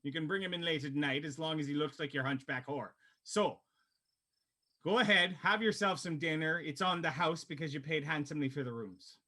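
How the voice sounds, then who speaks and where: A man's voice: on the high side, a little fast, bright, forceful tone. A man voicing a crude, bossy older female innkeeper who calls people dearie. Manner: blunt, bossy and foul-mouthed.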